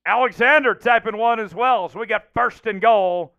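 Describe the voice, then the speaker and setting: A man hosting a livestream and calling the plays of a simulated football game, reading names from the chat and getting loud on big plays. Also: high voice, moderate pace, creaky, lo-fi sound, faint music behind. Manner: excitable, shouts out chat names and hypes touchdowns. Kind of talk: live play-by-play commentary.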